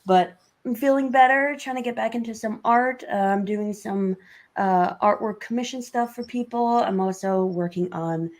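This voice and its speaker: A woman panelist chatting casually with many fillers, her voice still rough from being ill. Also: mid-range voice, moderate pace. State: voice recovering from illness, rough.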